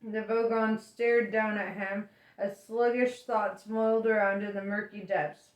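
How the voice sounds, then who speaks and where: A woman reading a novel aloud in a chatty, relaxed way. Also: mid-range voice, unhurried. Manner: chatty and relaxed, laughing between lines. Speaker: audiobook reader. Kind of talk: casual audiobook reading. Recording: roomy echo.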